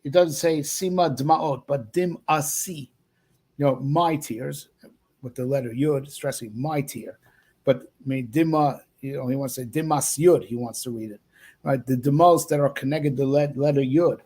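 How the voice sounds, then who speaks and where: A rabbi with a mid-range, slightly mellow voice speaks at normal speed. He gives a loose, rambling Torah lesson full of fillers and frequent "right?" check-ins.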